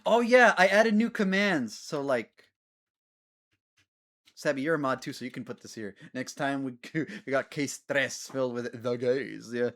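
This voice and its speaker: A man streaming a game, chatting casually with his viewers in a giggly, animated way. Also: medium pitch, normal speed. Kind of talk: casual gaming stream chat.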